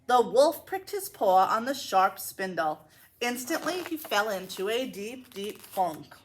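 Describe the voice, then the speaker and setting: A woman librarian reading a children's picture book aloud, expressive and playful, with asides to young listeners. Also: medium pitch, measured pace, slight background noise. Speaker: school librarian.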